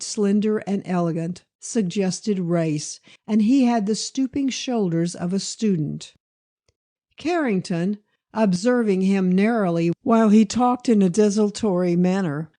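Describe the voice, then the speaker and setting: Frau mit weicher Erzählstimme. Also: female voice, medium pitch, dark tone. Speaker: audiobook narrator. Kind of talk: scripted narration.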